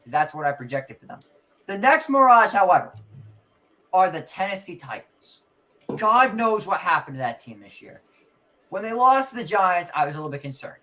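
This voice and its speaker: A man's voice: high voice, big pitch swings, normal speed, sharp tone. A man hosting a casual sports podcast, ranting through sarcastic trash talk about a rival team. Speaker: podcast host.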